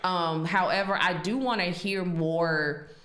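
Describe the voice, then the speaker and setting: A woman's voice: lowish voice, unhurried, a bit bright. A woman hosting a podcast, chatting casually and animatedly, laughing often and cursing freely. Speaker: podcast host. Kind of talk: casual chat. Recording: echoey room.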